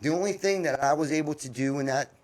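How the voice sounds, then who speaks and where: Blunt, animated man telling shop stories. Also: on the high side, fast. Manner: animated storyteller, blunt and profane. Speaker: podcast host, business owner. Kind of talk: casual chat.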